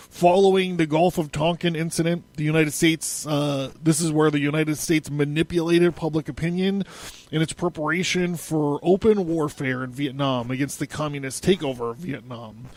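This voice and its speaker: A man with a fairly high, darkish voice hosts a solo podcast of casual commentary. He rambles and swears, laughs a lot and stammers his way through his notes.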